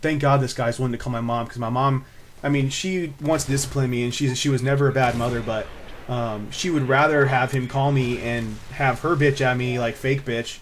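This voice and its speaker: A man in his twenties talks straight to the camera in a loose, meandering way. He fills gaps with ums and swears freely, at an everyday middle pitch. A faint hum of noise sits under his voice. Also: steady tone, normal speed. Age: 20s. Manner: rambling and laid-back, with frequent fillers and swearing. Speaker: vlogger. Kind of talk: casual storytelling to camera.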